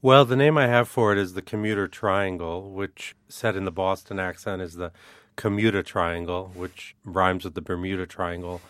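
Deep-voiced male guest explaining earnestly. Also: steady tone, moderate pace, hardly any pauses, fairly bright tone, no echo, clean studio sound. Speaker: guest, adjunct art professor. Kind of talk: radio interview. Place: radio studio.

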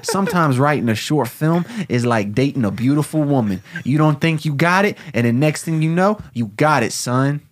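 A man's voice: a little high, expressive, normal speed, few pauses. A man in a casual brainstorming chat who talks in a playful, slangy way and jokes boastfully. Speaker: co-writer brainstorming.

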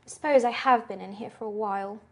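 A woman game master voicing a wary, scarred halfling woman prisoner who talks softly and calls people dearie. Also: fairly quick, slight background noise, natural voice. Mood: guarded. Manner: high, soft, calls others dearie.

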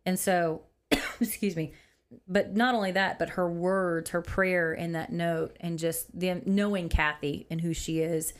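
A heartfelt woman co-hosts a faith podcast, and her voice sits low for a woman. She speaks earnestly, with plain emotion, in easy conversational talk. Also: fairly even intonation, unhurried. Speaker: podcast co-host. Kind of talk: casual faith podcast chat. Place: office used for recording podcasts.

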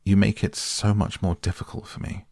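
A man voicing a grave, earnest gentleman painter in a soft bedtime audiobook reading. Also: level tone, moderate pace, vocal fry, no room sound, clean studio sound. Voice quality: grave, deep. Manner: earnest, pleading.

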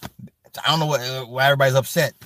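A man hosting a livestream, chatting casually and reading comments, loose and profane, with loud animated outbursts. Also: medium pitch, quick pace. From Chicago. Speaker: livestream host reading chat. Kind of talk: casual chat.

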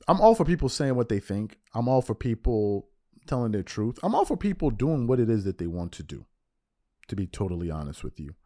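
Animated exasperated male commentator. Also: mid-range voice. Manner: animated, repetitive, rising to exasperated outbursts. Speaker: show host. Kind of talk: impassioned commentary.

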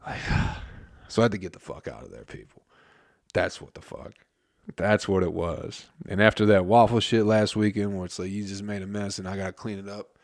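A man's voice: fairly low pitch, moderate pace, vocal fry, no echo, clean studio sound. A man who works in a restaurant kitchen, telling a story as a heated, profane rant.

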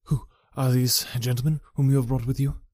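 Guy reading a jittery boss type, hurried strained politeness, dry audiobook. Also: medium pitch, little pitch movement, a little mellow, no room sound, close to an everyday voice. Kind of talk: audiobook character voice.

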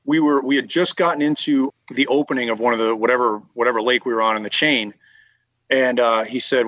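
A man's voice: medium pitch, steady tone, fairly quick, a bit bright, no room sound, lo-fi sound. Rambling storyteller man from Massachusetts. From Massachusetts, USA. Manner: rambling anecdotes with many fillers and restarts. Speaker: guest telling fishing stories. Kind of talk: casual conversational storytelling.

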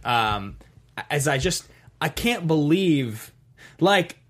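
A man talking in a casual podcast chat, enthusiastic and rambling, full of fillers and quick laughs. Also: fairly high pitch, lively intonation, a bit bright. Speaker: podcast co-host.

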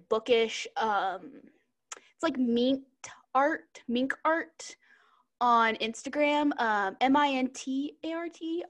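A young woman co-hosting a podcast in casual, rambling chat, giggling often and filling gaps with "like" and "um". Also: fairly high pitch. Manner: giggly, rambling with many fillers. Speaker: podcast co-host.

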